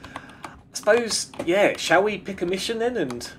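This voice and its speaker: Male streamer: chatty, giggly, rambling, very animated delivery. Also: high-pitched, unhurried, background noise. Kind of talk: casual gameplay chat.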